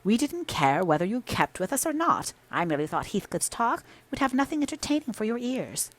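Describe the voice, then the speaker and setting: A woman voicing a proud, sharp-tongued young mistress of the house who speaks with scorn and emphasis. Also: fairly high pitch, big pitch swings, fairly quick, voice pushed up. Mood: scornful, emphatic.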